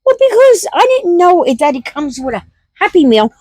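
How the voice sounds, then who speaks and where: A woman's voice: very high-pitched, big pitch swings, moderate pace, darkish tone, no room sound. A middle-aged woman telling a funny story in a casual vlog, laughing through it and repeating herself. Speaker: homestead vlogger.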